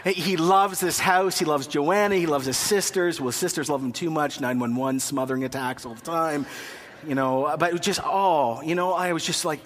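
A man's voice: on the high side, moderate pace, fairly bright tone, in a large hall. A man in his thirties preaching a sermon in a church, telling a funny story with asides before turning to scripture. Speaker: pastor. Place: church sanctuary.

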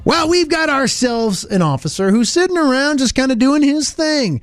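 A man co-hosting a radio morning show, telling news stories in an animated, playful way. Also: very high voice, moderate pace, no echo, soft background music. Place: radio studio. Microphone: studio microphone.

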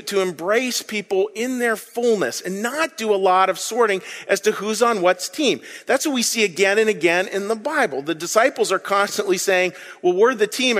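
Male pastor, high voice, animated conversational sermon with loud peaks and soft drops, long hall reverb. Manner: animated, conversational preaching with sudden loud bursts and hushed dips.

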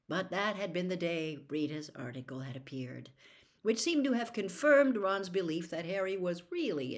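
Expressive woman reading a story. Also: deep voice. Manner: expressive storytelling, drops to a whisper at times. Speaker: narrator. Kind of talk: audiobook narration.

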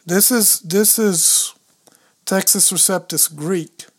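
Slow-talking man explaining scripture. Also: sits high, slightly rough. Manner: explains step by step, thinks aloud while leafing through books; reads scripture and Greek words aloud, stumbling over pronunciation. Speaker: podcast co-host. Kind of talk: casual teaching talk on scripture.

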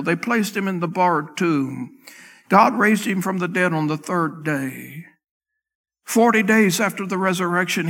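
Impassioned preaching man, higher voice. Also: in a large hall. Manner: impassioned preaching, rising to loud peaks and dropping to hushed tones. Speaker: pastor. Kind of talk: sermon. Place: church sanctuary.

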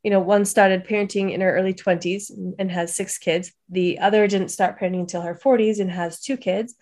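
A woman's voice: mid-range voice, steady tone, fairly quick, a little mellow. Thoughtful woman co-hosting a parenting podcast. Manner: thoughtful, sharing personal parenting stories. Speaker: podcast co-host. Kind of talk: casual panel discussion.

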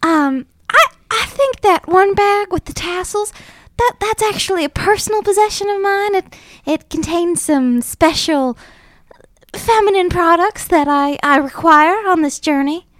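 A coy, flirty belle put on by a woman talks in a high, mannered accent. She sounds slow and a little sugary. The recording is dry and close. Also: animated, fairly bright tone, no echo, exaggerated voice.

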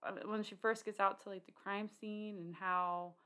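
A woman's voice: mid-range voice, little pitch movement, normal speed, pushed and bright, smooth. A woman co-hosting a casual film discussion, chatty, with many fillers and restarts.

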